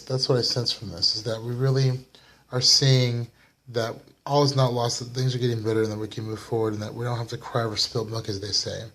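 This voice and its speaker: This is a casual weekly tarot reading by a tired young American man, captured on a camera mic. His voice is mid-range and a bit bright, and he rambles along with fillers, yawning and saying sorry for it.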